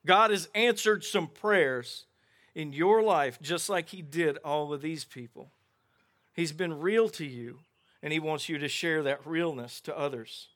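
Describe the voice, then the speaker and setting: Slow, lively middle-aged male preacher. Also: fairly high pitch. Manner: animated preaching, acting out voices in Bible stories. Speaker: pastor. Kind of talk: sermon. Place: outdoor gathering without a building.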